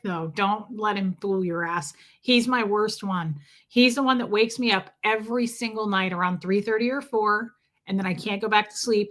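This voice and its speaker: A woman's voice: medium pitch, a bit bright. A woman hosting a casual livestream, reading chat and rambling, cooing over her cat and swearing offhand. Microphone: streaming setup.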